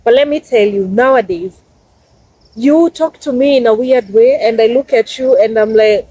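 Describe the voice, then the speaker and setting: A woman's voice: a little high, normal speed, dark tone, low-quality recording. Emphatic Kenyan woman in her twenties. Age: 20s. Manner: emphatic, repeats phrases for stress. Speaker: vlogger. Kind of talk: casual advice talk.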